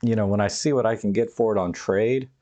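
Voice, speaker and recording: A man's voice: lowish voice, fairly even intonation, a little fast, dark tone, highs cut off. A man hosting a live stream from home, chatting casually and rambling through viewer comments with frequent laughs. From United States. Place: home, dog nearby.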